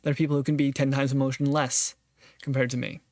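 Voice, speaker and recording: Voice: medium pitch, level tone, quick pace, darkish tone, no room sound. A podcast host giving earnest, reflective solo commentary on a philosophy text, thinking aloud and restarting phrases often.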